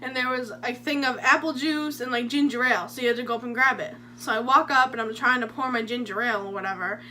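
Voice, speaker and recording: A young woman with a high, bright voice tells stories in a chatty, jokey way. She sounds animated and playful and talks straight to her viewers. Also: fast, slight background noise. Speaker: vlogger. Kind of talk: story time vlog.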